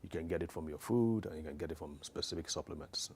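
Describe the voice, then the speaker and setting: Deep-voiced man giving a health talk. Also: quick pace, a little mellow, husky. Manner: earnest, hesitant, frequent restarts and fillers. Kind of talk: informal educational health talk.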